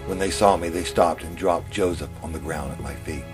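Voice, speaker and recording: Deep-voiced man telling his memoir. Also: a little fast. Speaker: narrator of his own memoir. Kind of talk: first-person memoir storytelling. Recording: music playing under the narration.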